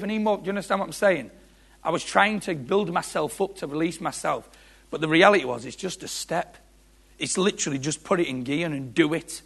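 A man with a fairly high, breathy voice and some vocal fry preaches quickly and with great passion. He repeats phrases over and over, building to emphatic peaks that rise into shouts.

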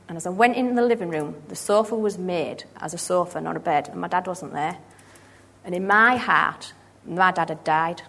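A woman's voice: fairly low pitch, vocal fry, fairly bright tone. Earnest woman telling her testimony. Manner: earnest, halting, with many restarts. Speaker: church member giving testimony. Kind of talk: personal testimony storytelling.

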